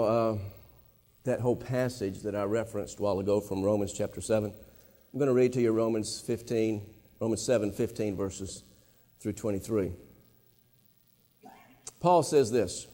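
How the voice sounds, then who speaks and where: A man preaching a sermon, with a dramatic delivery that swings from animated to hushed and low. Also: normal speed, pauses often. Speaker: pastor. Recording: long hall reverb.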